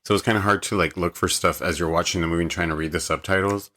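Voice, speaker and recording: A man's voice: low voice, steady tone, quick pace, sharp tone. A man co-hosting a movie commentary podcast, chatting casually and laughing often as he jokes about the film. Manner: giggly, laughs often, jokey. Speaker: podcast co-host.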